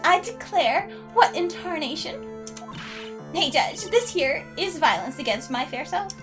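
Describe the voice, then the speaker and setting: A woman's voice: high-pitched, very animated, a little slow, over music. Lotta Hart, a woman doing a folksy Southern drawl. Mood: indignant. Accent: put-on American Southern drawl. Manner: folksy, loud, exclamatory. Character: brash young Southern woman photographer.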